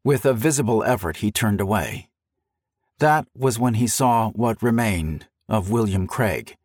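A man's voice: on the low side, expressive, measured pace, a little mellow, dry recording, studio quality. A man narrating a historical story for an audiobook, telling it in a dramatic, vivid way.

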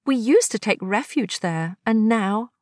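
Brief: woman voicing a wistful grown woman, bright lilting delivery, unhurried, close dry sound. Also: medium pitch, lively intonation, no echo, close to an everyday voice.

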